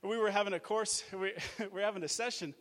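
A man from Australia preaching a sermon, energetic and jokey, telling stories and acting out what people said. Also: high voice, fast, long reverb tail. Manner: energetic, animated, jokey, acts out quotes. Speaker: guest preacher, mission leader. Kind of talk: sermon with storytelling. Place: church.

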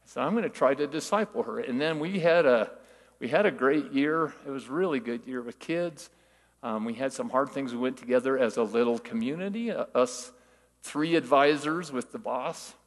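An older man preaching in a relaxed, conversational way, weaving folksy stories with rhetorical questions. His voice has a gravelly edge, and it rings out with the long reverb of a big church hall. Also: mid-range voice, moderate pace. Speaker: church teacher. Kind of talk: conversational sermon.

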